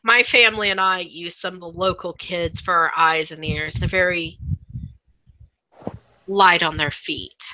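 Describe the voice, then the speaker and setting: A woman's voice: on the low side, fairly even intonation, measured pace, sharp tone, low-quality recording. A woman voicing a blunt, scornful female werewolf who lives alone in the woods, speaking in a curt, dismissive way.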